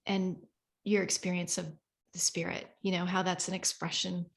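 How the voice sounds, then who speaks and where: A woman hosting an interview, talking reflectively with hesitant pauses and fillers. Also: fairly low pitch, level tone, gravelly. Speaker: podcast host. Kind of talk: conversational interview.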